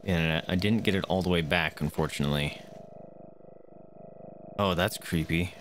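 With faint game music in the background, a deep-voiced man streams a video game at a normal speed. He chats casually as a let's-play streamer, reacting out loud to the action.

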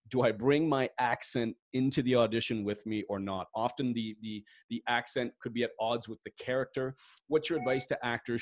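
A man's voice: medium pitch, darkish tone. A man hosting a livestream, asking long, multi-part questions with hesitant fillers. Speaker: livestream host. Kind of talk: interview questions.

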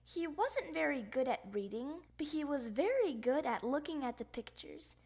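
A woman reading a children's picture book aloud, with playful, expressive sound effects. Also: high voice, moderate pace. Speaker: storybook reader.

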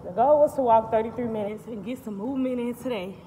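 A woman's voice: on the high side, fast, warm tone, big-room sound, a little hiss or hum. A woman vlogging while she walks on a treadmill at the gym, talking upbeat and thankful about moving her body and self-care. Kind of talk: casual vlog while working out.

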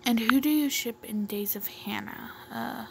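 A woman's voice: on the high side, unhurried, gravelly, noisy background. A woman talking casually as a new YouTuber, rambling with many fillers and often half-whispering. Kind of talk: casual comic-reading vlog.

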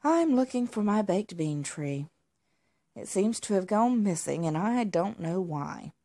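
A woman's voice: medium pitch, lively intonation, a little slow, mellow. A woman voicing a lazy, spoiled, snobbish male house cat who grunts and demands, in a read-aloud storybook. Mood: grumpy. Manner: grumpy, demanding, huffy.

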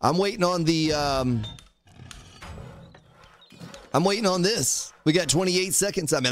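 A man's voice: a little high, no room sound. A man live-streaming a survival game, chatting casually, joking and greeting viewers in the chat by name.

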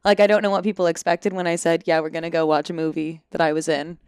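Chatty woman with a smooth, lowish voice. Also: flat delivery, quick pace, darkish tone, no echo, clean studio sound. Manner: chatty, self-interrupting, acts out quotes. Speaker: actor guest. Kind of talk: casual podcast conversation.

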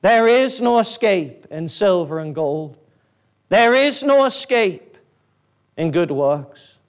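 A man preaching an evangelistic sermon, fervent and repetitive, rising to loud emphatic peaks and dropping low. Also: expressive, slow pace. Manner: repeats phrases for emphasis.

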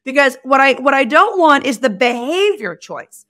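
Expressive woman guest, high voice. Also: normal speed. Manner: expressive, acts out dialogue with shifting pitch. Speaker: guest, communication expert. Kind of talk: animated podcast conversation.

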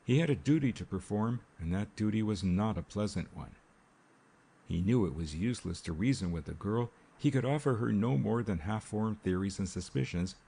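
A man narrating an audiobook in a measured, steady way. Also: lowish voice, gravelly, slightly rough. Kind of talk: scripted narration.

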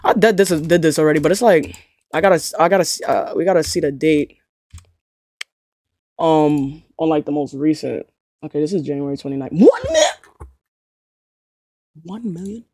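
A woman's voice: low voice, steady tone, brisk, long pauses, a little mellow, no echo. A young woman chatting casually to her livestream chat, slangy and swearing, often laughing in disbelief. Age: young adult. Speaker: streamer.

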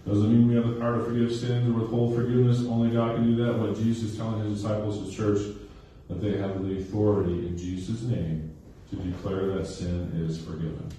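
Heard from afar in a very echoey recreation center hall used for church, a male pastor delivers a sermon in a fairly low, mellow, flat voice. He talks fairly quickly with hardly any pauses, often asking "okay?" and "right?" and repeating phrases for emphasis, over a little hiss or hum.

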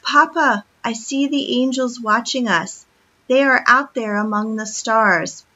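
Brave little pioneer girl, high and bright, a woman reading her aloud; storybook figure, lo-fi sound. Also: expressive, a little slow, exaggerated voice. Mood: dreamy. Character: young pioneer girl, brave, weak with hunger. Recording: dull lo-fi recording.

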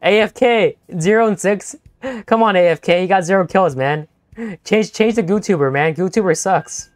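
A young man streaming a game live, talking to his teammates and chat in an excitable, stammering way that repeats itself. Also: a little high, normal speed, no room sound, soft background music. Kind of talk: live gameplay commentary.

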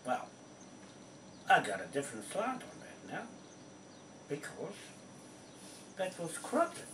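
A New man with a slightly high voice delivers a rambling, accusatory monologue. He repeats and stresses his points insistently. He is recorded from a distance in a roomy, echoey space with faint background noise. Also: wildly swooping pitch, slow pace. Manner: emphatic, accusing, repeats himself. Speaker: land claimant addressing viewers. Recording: roomy echo from a distant mic.

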